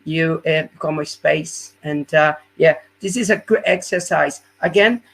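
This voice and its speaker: Husky man coaching a fitness webinar. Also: a little high, a little slow, a bit bright. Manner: explains step by step, often checking in with "yeah?"; non-native English phrasing. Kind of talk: live webinar instruction.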